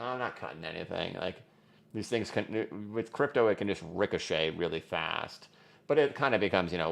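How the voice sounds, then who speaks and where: Deep gravelly guy hosting a crypto livestream, chatty and loose, reading chat comments. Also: fairly bright tone. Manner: loose and chatty, many fillers.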